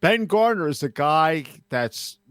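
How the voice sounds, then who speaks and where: A man's voice: on the high side, lively intonation, takes it slowly, fairly bright tone, smooth, no room sound, studio quality. A man, hosting a podcast with wry, sardonic jokes. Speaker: podcast host. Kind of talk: casual podcast banter.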